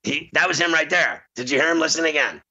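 A male show host telling a comic rant in a loose, animated way, laughing often as he goes. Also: a little high, quick pace, slight background noise. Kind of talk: casual comedic rant. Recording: slightly muffled lo-fi sound.

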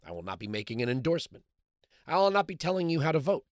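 A man's voice: fairly high pitch, big pitch swings, quick pace, no echo, studio quality. A man hosting a call-in radio talk show, chatting loosely with frequent restarts and fillers.

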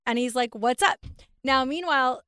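A woman telling a story in casual chat, animated and profane, acting out her own texts. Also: sits high, moderate pace, clean tone, dry recording, clean studio sound.

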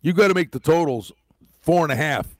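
A man's voice: on the high side, a little fast, dry recording. A man co-hosting a sports radio show, giving firm opinions on hockey in casual talk. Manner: opinionated, animated when making a point.

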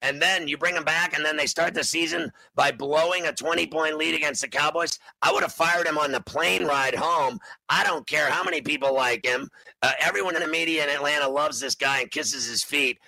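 A brash man co-hosting a sports betting show, his voice gravelly and bright, set a little higher than most men. He talks crude and mocking and breaks into sudden shouts. The recording is dry and close. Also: a little fast, no echo, low-quality recording.

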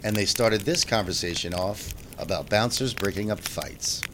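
A man doing a gruff biker announcer. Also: lowish voice, normal speed, a bit bright, a little hiss or hum, pitched below the performer's own voice, close to an everyday voice, low-quality recording. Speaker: segment announcer.

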